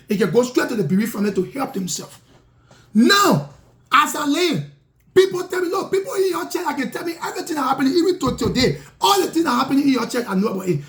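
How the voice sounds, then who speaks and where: A man who calls himself a prophet airs his grievances in an impassioned, indignant monologue. His voice is very high-pitched and fairly bright, and he speaks repetitively in broken grammar.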